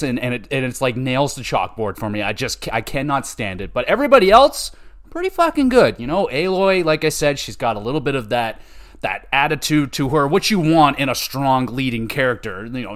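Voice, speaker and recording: Animated, swearing man ranting about a game. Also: mid-range voice. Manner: animated, profane ranting with mock impressions. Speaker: podcast host. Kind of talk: casual game review chat.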